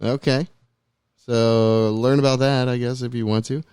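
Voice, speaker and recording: A man hosting a podcast on his own, talking in a loose, rambling, offhand way as he cues up clips. His voice sits at an ordinary middle pitch. The studio sound is dry and close. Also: fairly even intonation, measured pace, a little mellow, clear, resonant tone, no echo. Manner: loose, rambling, self-deprecating. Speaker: podcast host. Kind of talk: casual talk show chat. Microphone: studio mic.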